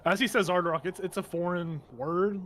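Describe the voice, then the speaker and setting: A man's voice: sits high, fairly even intonation, fairly quick, a bit bright, a little hiss or hum. A man running a tabletop game, narrating loosely with lots of fillers and laughs. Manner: rambling, laughing, many fillers. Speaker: game master.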